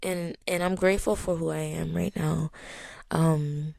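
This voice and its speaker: A woman's voice: sits low, little pitch movement, a little slow, gravelly, darkish tone, no room sound. A woman in her early thirties hosting a reflective solo podcast, speaking emotionally and close to tears, often repeating her words. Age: 30s. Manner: emotional, tearful at moments, grateful, repeats phrases. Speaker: podcast host.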